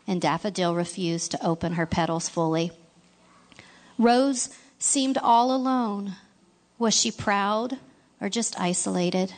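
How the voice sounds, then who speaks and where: Woman reading a gentle storybook. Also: medium pitch. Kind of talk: scripted storybook narration.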